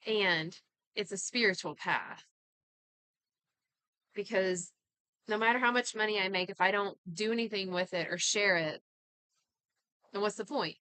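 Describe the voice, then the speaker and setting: A woman's voice: medium pitch, unhurried, long pauses, bright, forceful tone, clear, resonant tone, no echo. A woman giving an earnest, casual talk on healing and inherited patterns, full of conversational asides.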